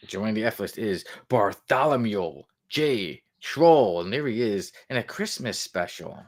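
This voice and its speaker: A man co-hosting a podcast, chatting casually about comics in a rambling way, chuckling and reading quotes aloud slowly. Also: on the low side, animated, dry recording, studio quality. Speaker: podcast co-host.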